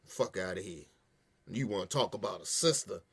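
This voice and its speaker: A man's voice: low-pitched, normal speed, gravelly, slightly rough. A man hosting a podcast, ranting in heated, profane casual commentary. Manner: profane, animated, emphatic ranting. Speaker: podcast host.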